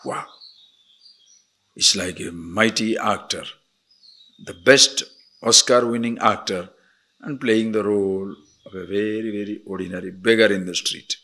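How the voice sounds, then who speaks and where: An older man giving a spiritual discourse, animated, moving between emphatic declarations and soft murmured asides. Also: fairly low pitch, unhurried, long pauses. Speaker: spiritual teacher.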